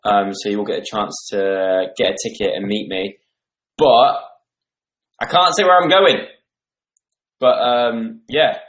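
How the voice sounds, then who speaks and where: A man's voice: lowish voice, fairly even intonation, measured pace, long pauses, a bit bright, reverberant. A young man in his twenties hosting a casual live stream from home, chatting and rambling through viewer comments on a desk microphone. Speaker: livestream host. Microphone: desktop microphone.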